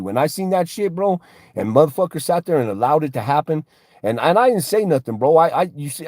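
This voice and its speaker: A man talks on a livestream in a loose, slangy way, swearing and piling on "bro" and "homie" as he repeats his points. His voice sits in a middle pitch. It sounds dry and close to the mic. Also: darkish tone, dry recording. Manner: slangy, profane, keeps tacking on "bro" and "homie"; heated, repeats himself for emphasis. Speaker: livestreamer and fighter. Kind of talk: casual livestream rant.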